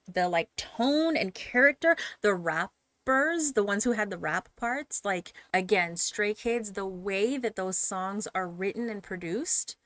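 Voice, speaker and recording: A woman hosting a reaction channel, chatting casually and getting excited, sometimes shouting and laughing. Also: mid-range voice, no room sound. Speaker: K-pop reaction channel host.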